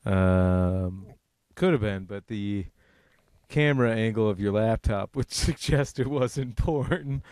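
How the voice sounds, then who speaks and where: A man's voice: on the low side, a little mellow, clear, resonant tone, no echo, clean studio sound. A man co-hosting a casual comedy podcast, riffing jokes and laughing. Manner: joking, laughing, quick riffing asides. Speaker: podcast co-host.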